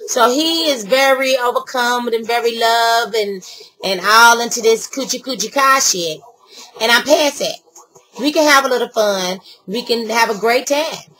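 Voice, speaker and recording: This low-quality recording captures an older woman vlogger with a slightly high voice. Casual and sassy, she animatedly recounts a story to camera, imitating what others said.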